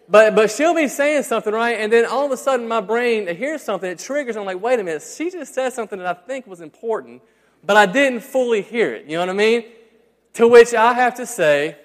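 A man's voice: high voice, lively intonation, brisk. A man in his thirties preaching a sermon to a congregation, telling stories in a chatty, self-deprecating way full of fillers. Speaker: pastor. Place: church hall before a congregation. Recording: long reverb of a church hall.

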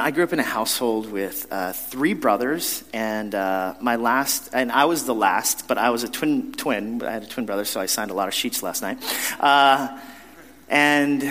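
A man pastor delivers a sermon in a chatty, self-mocking storytelling manner, often restarting his sentences. His mid-pitched voice carries a long echo through a large church hall. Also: fairly bright tone. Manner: conversational, self-deprecating storytelling with frequent restarts.

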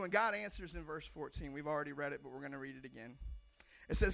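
A male pastor preaching a sermon with animated, excitable storytelling. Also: on the high side, fast talker, creaky.

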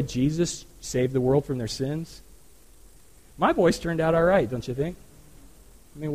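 A man's voice: on the high side, a little mellow, natural voice, poor audio. A man voicing an elderly mother who proudly and folksily looks back on her life. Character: elderly woman, a mother looking back contentedly.

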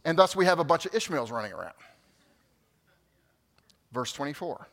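A man preaching a sermon as pastor, in an animated, conversational way with asides to the congregation. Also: high-pitched, normal speed, long pauses, in a large hall.

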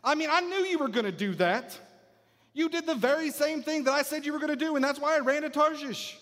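A man's voice: high-pitched, moderate pace, close to an everyday voice. A man voicing an indignant, self-righteous prophet who complains to God in an exasperated tone. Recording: long hall reverb.

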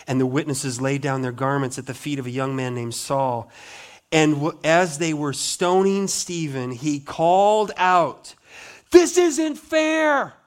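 In a mid-range voice, a man preaches dramatically from the pulpit as a pastor, drawing out emphatic words and sinking to quiet asides.

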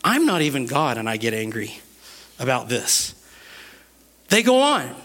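A man's voice: mid-range voice, very animated, normal speed, long pauses, a bit bright. A man preaching a sermon, chatty and joking in asides to the congregation. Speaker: pastor.

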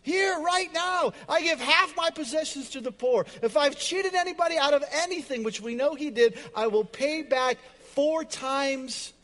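A man acting out an overjoyed repentant tax collector, shouting excitedly. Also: very high-pitched, moderate pace, long reverb tail, pitched above the performer's own voice.

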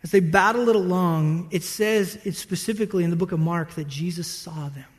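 A pastor with a notably high voice preaches in a large hall whose long reverb trails after each phrase. He tells the story with lively, playful energy. He slips into the voices of the people in it. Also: fairly quick. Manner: animated storytelling, acts out disciples' voices. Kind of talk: sermon.

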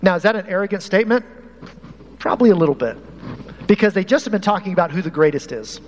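Animated high-voiced male pastor. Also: fast. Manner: animated, uses props, talks to the congregation. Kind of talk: sermon. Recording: hall reverb, faint room noise.

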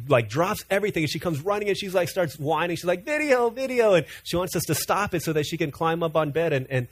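A man in his thirties, a pastor preaching an earnest, conversational sermon full of personal stories. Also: mid-range voice.

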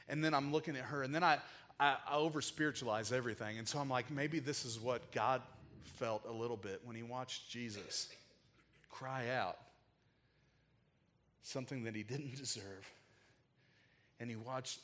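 A man's voice: medium pitch, fairly even intonation, normal speed, long pauses, fairly bright tone. A man preaching a sermon, telling a heartfelt personal story in an emotional, casual way with frequent filler words. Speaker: pastor.

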